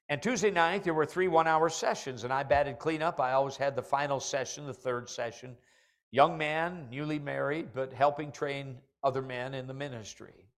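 A middle-aged man preaching a sermon from the pulpit of a church, animated and building to loud, emphatic peaks. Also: on the high side. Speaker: pastor. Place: church sanctuary.

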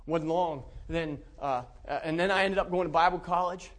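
A man's voice: fairly high pitch, moderate pace. A middle-aged man from central Pennsylvania, telling his conversion story to a church in a folksy, chuckling way. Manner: folksy storytelling, warm chuckles, many restarts. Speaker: preacher giving testimony. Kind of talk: personal testimony in a church.

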